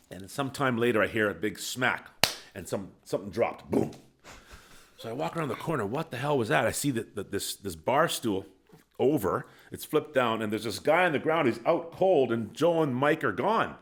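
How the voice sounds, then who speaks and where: With a mid-range voice at a moderate pace, the middle-aged former hockey coach spins a lively podcast tale into the studio mic. He laughs at his own story and mimics what people told him.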